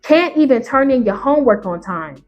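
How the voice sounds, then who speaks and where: A woman's voice: sits high, lively intonation, brisk, dull audio, faint music behind. A woman YouTuber giving ranting reaction commentary on Reddit stories, profane and emphatic, firing off rhetorical questions.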